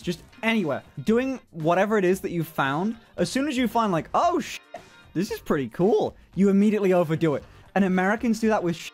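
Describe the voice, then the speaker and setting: A man streaming live, chatting casually and rambling with heavy swearing. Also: high-pitched. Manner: swears constantly, rambling and animated. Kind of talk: casual livestream chat.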